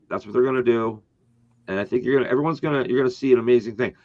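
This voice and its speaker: A man's voice: mid-range voice, racing, a little mellow, dry recording. A man co-hosting a casual political talk stream, speaking emphatically and rambling with frequent restarts. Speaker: co-host. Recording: dull, dry lo-fi stream audio.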